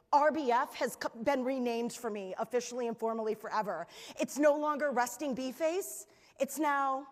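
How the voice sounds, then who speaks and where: A woman giving a motivational stage talk, telling stories in an animated, chatty way to a live audience. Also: fairly high pitch. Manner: animated storytelling, chatty fillers. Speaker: keynote speaker. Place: large hall with live audience. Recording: reverberant hall.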